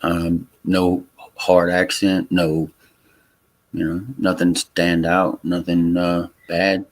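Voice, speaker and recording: A man from Louisiana hosting a casual livestream chat, talking in a halting way with many fillers and restarts. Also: low voice, monotone. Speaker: livestream host. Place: Texas home.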